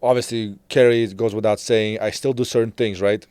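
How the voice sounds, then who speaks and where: A man hosting a podcast in casual conversation, talking earnestly, repeating himself and trailing off quietly. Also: lowish voice, fairly even intonation, brisk, smooth, dry recording, clean studio sound. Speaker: podcast host.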